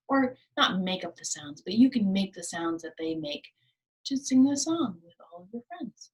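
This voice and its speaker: A woman leading a library program for small children, talking in a slow, sing-song way and often dropping to soft whispers. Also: medium pitch, big pitch swings. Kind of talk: teaching preschoolers. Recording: voice a bit distant from the mic.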